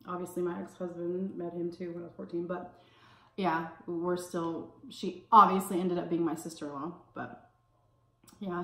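Chatty woman vlogger in a roomy space. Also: lowish voice. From California. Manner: chatty, lots of "like" fillers, pauses to savor food. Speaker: food vlogger. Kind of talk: casual storytime while eating. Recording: roomy echo.

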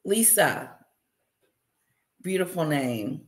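A woman hosting a casual livestream, warmly greeting viewers by name, bubbly and chatty. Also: low voice, sing-song, drawn-out words. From Wisconsin. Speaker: livestream host. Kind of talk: casual live chat with viewers.

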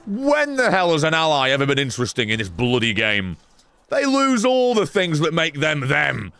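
A man streams a game and talks back to it with sarcasm and plenty of swearing. His voice is gravelly and a little high, and it leaps around in pitch as he reacts. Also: huge pitch swings, normal speed, fairly bright tone, no echo. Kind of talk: live gameplay commentary.

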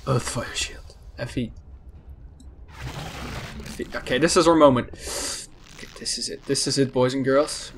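A man giving let's-play commentary, excitable and panicky, swearing often at the game. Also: mid-range voice, a little slow, pauses often, slight background noise. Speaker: gaming channel host.

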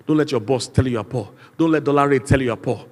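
A man's voice: medium pitch, quick pace. A man with a Nigerian accent preaching a sermon as pastor, with emphatic repeated refrains and call-and-response with the congregation. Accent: Nigerian English. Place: large church auditorium. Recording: long church hall reverb.

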